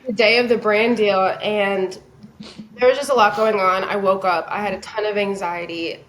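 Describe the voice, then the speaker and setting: Guest: young woman, mid-range voice, animated, filler-heavy storytelling, faint background noise. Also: medium pitch, moderate pace. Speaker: podcast guest. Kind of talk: casual storytelling chat.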